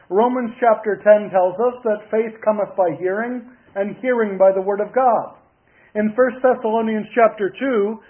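A male pastor preaching a sermon, reading scripture aloud in a measured, deliberate way. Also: very high-pitched. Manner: measured, deliberate reading in King James wording. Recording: tinny phone-like broadcast audio.

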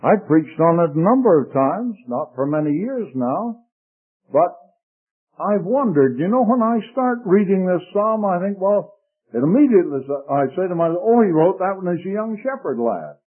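An older man preaching a sermon slowly and deliberately, sinking into a hushed low voice when he speaks scripture. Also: very animated. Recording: tinny lo-fi radio broadcast.

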